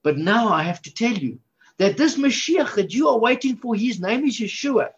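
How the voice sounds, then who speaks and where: A fervent, excitable male preacher with a fairly high, husky voice, delivering his sermon in bursts of enthusiasm. The recording is slightly dull and lo-fi. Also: normal speed.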